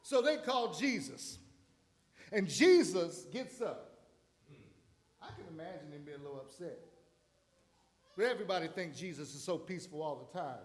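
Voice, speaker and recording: A man's voice: on the high side, animated, normal speed, long pauses. A man ministering in church, preaching a sermon with dramatic build-ups and acted-out voices. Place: church sanctuary.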